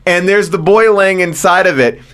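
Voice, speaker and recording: A man's voice: high-pitched, moderate pace, clean tone. A man co-hosting a casual comedy podcast, riffing on a bad movie and mocking its lines in silly voices. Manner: animated, mimics film lines in silly voices. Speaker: podcast co-host.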